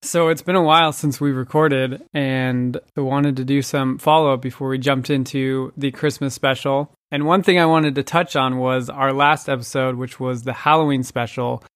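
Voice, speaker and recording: A man's voice: mid-range voice, a bit bright, smooth, dry recording, studio quality. A man in his thirties hosting a podcast, chatting casually and laughing often as he talks. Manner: laughs often while talking. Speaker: podcast host. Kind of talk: casual chat.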